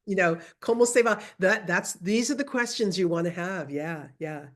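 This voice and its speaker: Woman teacher on a video call, lowish voice, casual and chatty, corrects herself as she goes. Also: animated, moderate pace. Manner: chatty, self-correcting, laughs easily. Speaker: Spanish teacher. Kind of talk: casual online language lesson.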